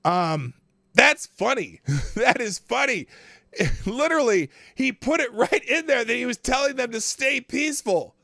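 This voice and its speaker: A man hosting a live political commentary show talks in a high, swooping voice. His tone is bright and cutting, and the recording is dry and close. He reads passages aloud and reacts with incredulous, animated remarks. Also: measured pace, gravelly, dry recording.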